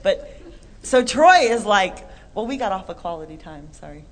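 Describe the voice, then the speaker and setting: Woman chatting on a christian show, lively, acts out bits of dialogue. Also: medium pitch, normal speed. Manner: chatty, animated, acts out quotes. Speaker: co-host. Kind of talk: Christian podcast chat.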